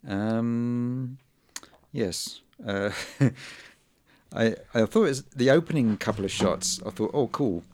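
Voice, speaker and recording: A man's voice: mid-range voice, slow, darkish tone. A man chatting casually about movies on a podcast, with a dry, understated manner. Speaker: podcast co-host.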